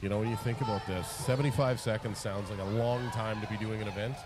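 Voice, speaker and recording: A man from Canada giving relaxed color commentary at a strongman competition, explaining technique with dry jokes. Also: lowish voice, fast talker. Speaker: sports commentator. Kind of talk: live event commentary. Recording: loud music behind.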